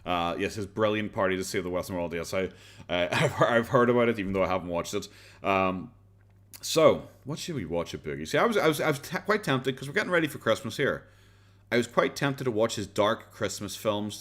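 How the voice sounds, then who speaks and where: A man's voice: fairly low pitch, animated, fairly quick, a bit bright. An Irish man streaming live, chatting casually and reading out viewer comments in a rambling, self-interrupting way, often laughing. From Ireland.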